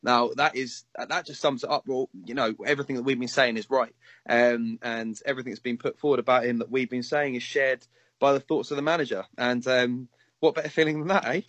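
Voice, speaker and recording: A man speaks quickly and eagerly on a fan radio show. His voice sounds dry and close, with no room around it. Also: medium pitch, fairly even intonation, a bit bright, no room sound. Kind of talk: casual chat.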